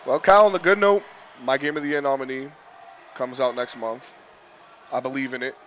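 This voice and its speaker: A man's voice: medium pitch, fairly even intonation, brisk, over a noisy crowd. A man from Boston co-hosting a gaming live stream, chatting casually with enthusiasm and slang.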